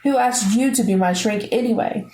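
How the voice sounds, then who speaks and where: A woman's voice: a little high, normal speed, dark tone, reverberant, close to an everyday voice, poor audio. A woman reading as a weepy, upset teen girl. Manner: weepy, emotional. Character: tearful, upset teenage girl.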